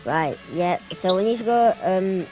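A woman's voice: lowish voice, expressive, a little slow. A woman chatting casually and rambling as she records her gameplay, easily amused. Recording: loud game music behind.

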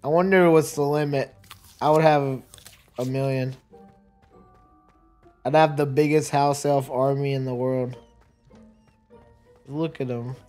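A man's voice: mid-range voice, steady tone, a little slow, pauses often, darkish tone. A man giving casual let's play commentary, rambling and chatty, often laughing and tripping over his words. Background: faint game music.

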